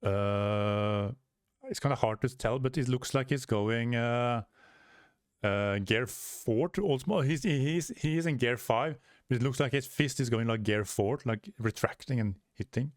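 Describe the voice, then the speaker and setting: A man giving casual reaction commentary as a video host. He rambles, stumbles over words and fills pauses as he talks. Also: medium pitch, no echo, studio quality. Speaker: manga reaction youtuber.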